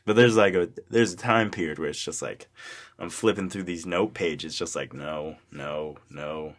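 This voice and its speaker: A man's voice: deep voice, moderate pace. A young man co-hosting a podcast in casual chat, joking, laughing often and acting out lines. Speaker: podcast co-host.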